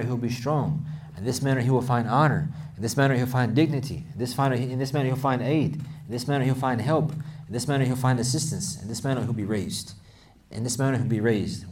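A man's voice: mid-range voice, recorded from a distance, a little hiss or hum. A man teaching a religious lesson who repeats phrases for emphasis and rises to intense, emphatic passages. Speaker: Islamic teacher. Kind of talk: religious lesson with Arabic quotes.

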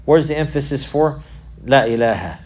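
A man's voice: mid-range voice, animated, normal speed, darkish tone. A man teaching a religious class, repeating key phrases for emphasis and putting questions to his students. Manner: quizzes the class.

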